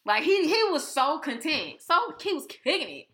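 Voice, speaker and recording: A woman with a high voice, speaking at a moderate pace, co-hosts a podcast. She chats casually and animatedly about faith, acting out quotes with lots of energy.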